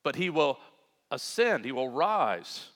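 A man's voice: mid-range voice, big pitch swings, slow, fairly bright tone, in a large hall. A man preaching a sermon in an earnest, emphatic way, often turning to talk straight to his congregation. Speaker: pastor.

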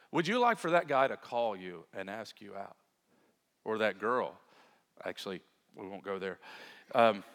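A man's voice: medium pitch, pushed and bright, big-room sound. A man preaching a sermon in an earnest, emphatic way, often turning to talk straight to his congregation. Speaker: pastor.

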